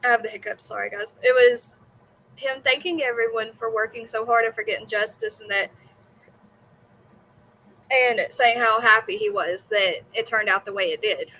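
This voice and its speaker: A woman's voice: on the high side, normal speed, bright, forceful tone, rough recording. A young woman streaming from home, giving chatty, indignant commentary on a trial and talking straight to her viewers. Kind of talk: casual live commentary.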